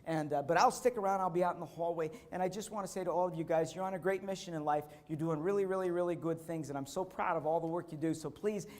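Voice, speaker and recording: A middle-aged man giving a motivational conference speech, telling stories earnestly and slowing down for emphasis. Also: on the high side, darkish tone. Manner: storytelling, earnest, slows for emphasis. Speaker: keynote speaker. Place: conference hall.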